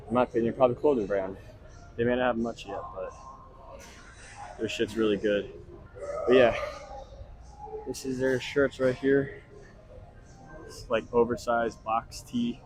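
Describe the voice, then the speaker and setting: A young man vlogging his leg workout in a gym, talking casually to viewers between sets, sometimes out of breath. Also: fairly low pitch. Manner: casual, swears, coaching asides to viewers. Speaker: fitness vlogger. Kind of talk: casual gym vlog talk. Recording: gym ambience noise.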